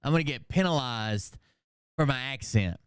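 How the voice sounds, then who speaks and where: A man's voice: medium pitch, expressive, moderate pace, clean tone, no room sound, clean studio sound. A man in his thirties with a Southern US accent, hosting a livestream in casual, rambling commentary full of jokes and swearing. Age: 30s. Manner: rambling, joking, heavy swearing. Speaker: livestream host.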